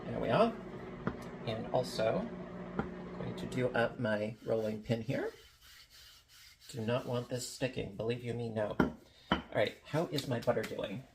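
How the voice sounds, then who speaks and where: The kitchen recording is very noisy as a home baker walks through a recipe, unhurried and leaving long pauses. At medium pitch, the vlogger chats casually with playful, jokey asides.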